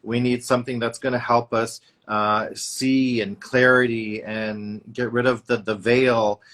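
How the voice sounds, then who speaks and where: A man with a bright, forceful tone hosts a casual spiritual chat. His pitch is middling, and he speaks with enthusiasm, often pausing and restarting his sentences. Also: little pitch movement. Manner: enthusiastic, halting with fillers and restarts. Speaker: tarot reader and host.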